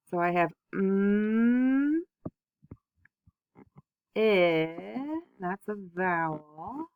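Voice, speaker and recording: Woman teacher doing a kids phonics lesson, slow and patient, sounds out each letter. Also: on the low side, dry recording. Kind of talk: phonics lesson for young children.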